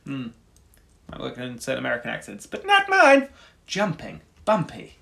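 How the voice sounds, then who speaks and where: A man's voice: mid-range voice, wildly swooping pitch, fairly quick, gravelly, bright, forceful tone. A man casually talking to himself during a music-making livestream, mumbling ideas half under his breath. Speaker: music producer streaming a track build.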